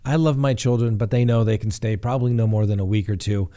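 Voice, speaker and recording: A man's voice: fairly low pitch, steady tone, fast talker, warm tone. Wry, sarcastic male crime news host. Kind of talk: scripted crime news commentary.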